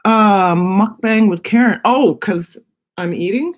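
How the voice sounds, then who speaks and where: A woman's voice: mid-range voice, takes it slowly. A middle-aged woman chatting casually on her own live stream, rambling from one thought to the next while she eats. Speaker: vlogger on her own channel.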